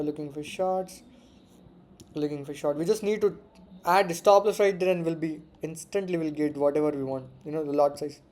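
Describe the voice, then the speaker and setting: A man with a fairly high, slightly mellow voice streams live while trading forex. He gives casual commentary, muttering and repeating words to himself and swearing freely.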